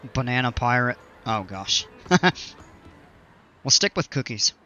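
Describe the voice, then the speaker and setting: A man chatting loosely through his gameplay, trailing off into fillers and laughing at himself. His voice has a bright, tense edge at a middle pitch. The recording sounds a little dull and lo-fi. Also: lively intonation, takes it slowly, soft background music. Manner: rambling, self-mocking, many fillers. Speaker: game channel host. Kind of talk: casual gameplay commentary.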